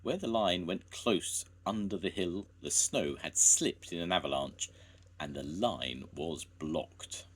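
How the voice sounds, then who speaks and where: An older man, a grandfather, reading a children's story aloud in a slow, gentle way. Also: low-pitched, breathy edge.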